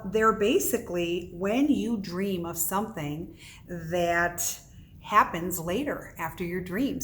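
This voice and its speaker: A woman's voice: lowish voice, a little hiss or hum. A middle-aged woman, a psychic medium, talking casually to the camera in an earnest storytelling manner, asking questions and answering them herself.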